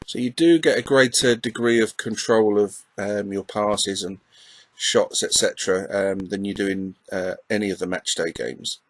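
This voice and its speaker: A middle-aged man from England, a retro gaming YouTuber with an Essex accent, gives chatty, self-deprecating gameplay commentary thick with ums and uhs. His lowish voice moves at a moderate pace. The audio is poor but has no echo.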